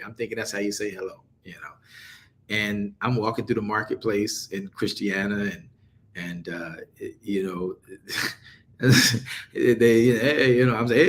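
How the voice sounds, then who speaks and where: A man's voice: on the low side, unhurried. A man leading an online study group, telling jokes and stories in casual talk before closing with a prayer and blessing. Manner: animated, jokey, turns into a prayer and blessing.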